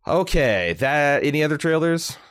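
A man co-hosting a podcast, chatting casually about movies, animated and swearing freely. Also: on the high side, moderate pace, smooth, dry recording, studio quality. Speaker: podcast co-host.

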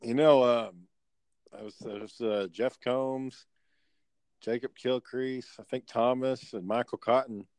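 Man, mid pitch, rambling casual story, dry close sound. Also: steady tone, unhurried, a little mellow, smooth, no echo. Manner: laid-back, rambling, swears, lots of fillers.

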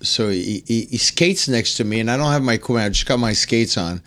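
Male guest, lively anecdote teller, does voices for quoted people. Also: a little fast. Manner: acts out quotes, swings higher when excited. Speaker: podcast guest. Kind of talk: animated storytelling.

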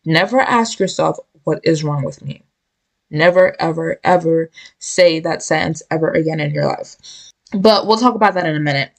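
A woman's voice: sits low, moderate pace, creaky. A young woman hosting a podcast, giving an emphatic, repetitive pep talk in casual slang. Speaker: podcast host.

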